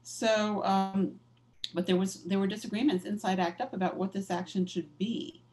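A woman's voice: medium pitch, steady tone, moderate pace, darkish tone, poor audio. A woman author and activist, the guest in a conversational interview, telling stories in a candid, reflective way with casual fillers.

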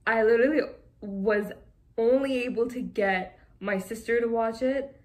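A woman's voice: on the high side, unhurried, darkish tone. Chatty giggly young woman from Canada. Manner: chatty and giggly, often laughing. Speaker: vlogger. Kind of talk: casual fan commentary reading tweets.

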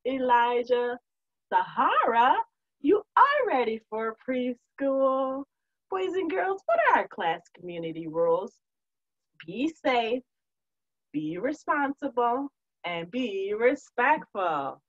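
A woman's voice: on the high side, sing-song, slow pace, dull audio. A woman teaching preschoolers in a remote online lesson, sing-song and encouraging, laughing often.

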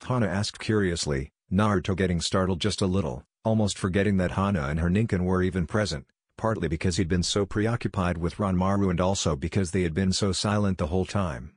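Deep-voiced male fan-fiction narrator. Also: a little fast, few pauses, husky, no echo, studio quality. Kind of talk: audiobook reading of fan fiction.

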